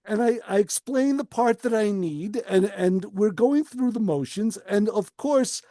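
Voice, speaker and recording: A man's voice: high-pitched, animated, a little slow, dark tone, no echo. A man co-hosting a radio car show, telling a long story and acting out the voices of the people in it. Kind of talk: casual storytelling on talk radio.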